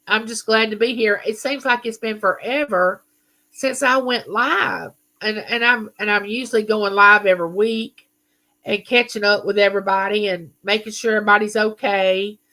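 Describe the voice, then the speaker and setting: Lady doing a live chat, chatty, reads comments out loud, bright clear voice. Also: mid-range voice, steady tone, normal speed. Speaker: livestream host.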